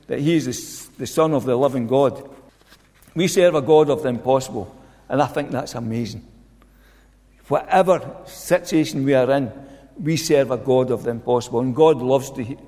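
A man's voice: medium pitch, mellow. Man preaching in a reverberant hall. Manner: earnest, repeats key phrases for emphasis. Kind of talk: sermon.

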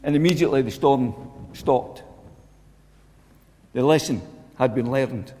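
A man's voice: mid-range voice, a little slow, mellow. A man preaching a sermon, earnest and repeating his key lines for emphasis. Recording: long hall reverb.

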